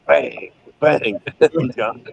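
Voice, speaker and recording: A man's voice: medium pitch, very slow, creaky, a little hiss or hum, rough recording. A middle-aged man, chatting casually on a livestream and retelling scenes with laughs. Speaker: livestream co-host. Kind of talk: casual chat.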